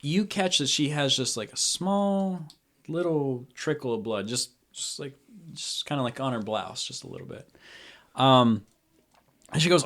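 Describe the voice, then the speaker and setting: A man's voice: medium pitch, unhurried, fairly bright tone. A young man narrating a tabletop game as game master, describing scenes in a rambling way full of fillers.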